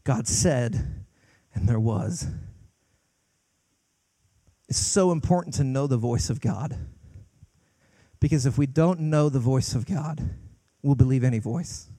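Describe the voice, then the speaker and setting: A man, a guest pastor, preaching a sermon with passion, climbing to loud peaks and dropping to hushed lines. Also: medium pitch, takes it slowly, long pauses.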